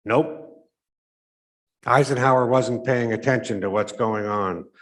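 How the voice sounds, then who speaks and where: A man voicing a brisk male army sergeant giving clipped, urgent orders. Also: mid-range voice, fairly even intonation, natural voice.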